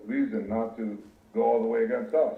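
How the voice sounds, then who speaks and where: A man's voice: medium pitch, steady tone, a little fast, a loud crowd. Man on a tinny, echoey phone line. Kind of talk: phone call clip played on stream.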